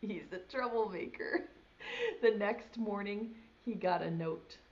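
A young woman, a preschool teacher, reads a picture book aloud at a slow, patient pace. She pauses often to ask the little ones questions. The recording sounds dull and lo-fi. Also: mid-range voice, lively intonation. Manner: gentle, asks children questions as she reads. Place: home video lesson.

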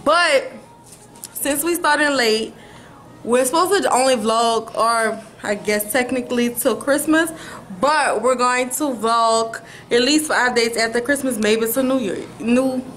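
A woman's voice: fairly high pitch, a little slow, a bit bright, a little hiss or hum, low-quality recording. A young woman vlogging at home, chatting upbeat to the camera about her plans. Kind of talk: casual chat to camera. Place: at home, indoors. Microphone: handheld camera.

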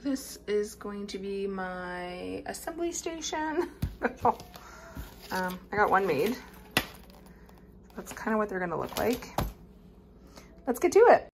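A woman talking casually to the camera at home for a family vlog. She is chatty and excitable, and she rambles through lists with plenty of fillers. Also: mid-range voice, takes it slowly, long pauses, noisy background. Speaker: family vlogger.

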